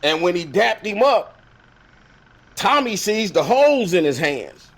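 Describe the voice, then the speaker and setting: A man hosting a show tells a Bible story as slangy comedy, playing every character himself. His voice sits a touch high and swings widely in pitch as he talks. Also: very animated, a little slow. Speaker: host.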